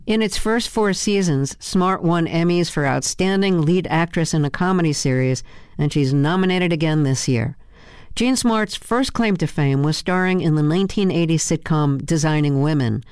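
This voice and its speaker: Woman radio host, smooth voice, dry studio sound, deliberate reading. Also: low-pitched, darkish tone, no echo. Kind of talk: scripted radio introduction.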